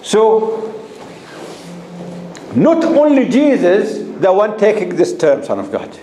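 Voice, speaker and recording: Slow-talking man teaching a class. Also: high-pitched, wildly swooping pitch, warm tone. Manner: asks the class questions and repeats key terms. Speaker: instructor. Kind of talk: classroom lecture. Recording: echoey room with faint noise.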